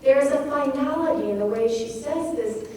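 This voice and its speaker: A woman's voice: high-pitched, normal speed, a little mellow. A woman teaching a poetry craft talk, reading lines aloud with emphasis and reflection. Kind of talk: lecture analyzing a poem. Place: lecture hall. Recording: distant, very echoey hall recording with faint noise.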